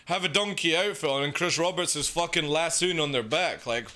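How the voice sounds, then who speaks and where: A young man streaming a game, ranting casually and profanely, and mocking others in quick put-on voices. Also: on the high side, bright, forceful tone. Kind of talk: casual live-stream rant.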